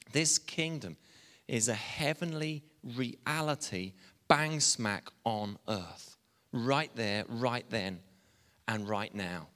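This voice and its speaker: A man's voice: mid-range voice, takes it slowly, fairly bright tone. A man preaching a sermon as pastor, talking conversationally with asides and restarts. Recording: long reverb of a church hall.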